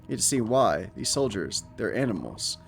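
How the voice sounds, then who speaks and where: A man's voice: on the low side, big pitch swings, normal speed, vocal fry, soft background music. A man reading out a game's stern male assassin mentor in a grim, lecturing way.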